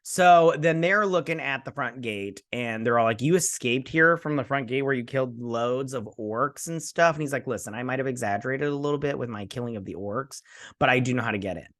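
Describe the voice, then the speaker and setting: A man's voice: mid-range voice, a little fast, fairly bright tone. A man hosting a casual show review, rambling through the plot and acting out characters in jokey put-on voices. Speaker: host. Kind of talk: casual episode recap and review.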